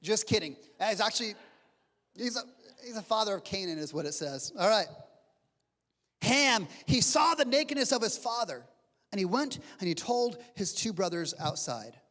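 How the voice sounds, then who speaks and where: A man in his forties preaching a sermon as pastor, telling a story with lively asides and frequent restarts. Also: sits high, normal speed. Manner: animated storytelling with repeated restarts and playful asides. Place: church sanctuary. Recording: long reverb of a church hall.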